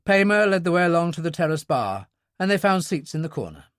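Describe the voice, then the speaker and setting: A man narrating a thriller audiobook in a measured, descriptive reading. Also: fairly high pitch, very animated, dry recording, clean studio sound. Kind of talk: scripted narration.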